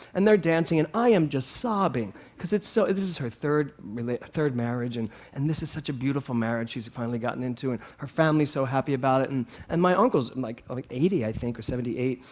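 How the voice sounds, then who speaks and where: A man's voice: mid-range voice, fairly quick, hardly any pauses. A male minister giving a sermon as a humorous, chatty personal story.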